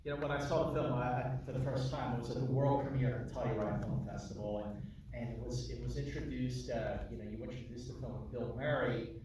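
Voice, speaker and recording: A man moderating a Q&A, putting long questions in a halting, measured way. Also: medium pitch, level tone. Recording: echoey hall from far off with noise.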